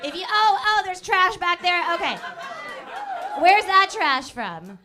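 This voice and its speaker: A woman's voice: extremely high pitch, very animated, slow pace. A woman performing a stand-up comedy set in front of a live audience, laughing between jokes and teasing the crowd. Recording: live club with loud crowd laughter and room noise.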